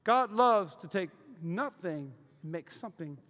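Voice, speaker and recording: A man preaching a sermon as pastor, telling lively stories with acted-out quotes and loud asides. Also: high-pitched, measured pace. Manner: energetic storytelling with shouted asides and acted quotes. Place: church hall. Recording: roomy hall reverb.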